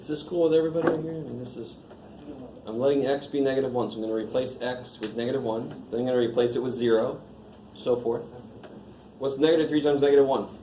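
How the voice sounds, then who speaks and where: A man's voice: medium pitch, fairly even intonation, fast talker, background noise. Casual, joking male math teacher. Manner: joking, informal, asks the class questions. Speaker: math instructor. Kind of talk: casual classroom lecture. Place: classroom. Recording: echoey classroom, faint ambience.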